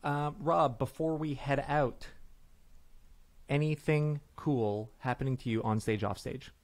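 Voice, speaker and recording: A man's voice: mid-range voice, fairly even intonation, unhurried. Man co-hosting an improv podcast. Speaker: podcast co-host. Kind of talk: casual chat.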